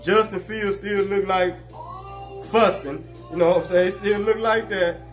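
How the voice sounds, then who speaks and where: Guy riffing on football games, high voice, faint music behind. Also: a little slow. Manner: animated, joking, heavy slang. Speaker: sports talk show host. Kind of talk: casual sports commentary.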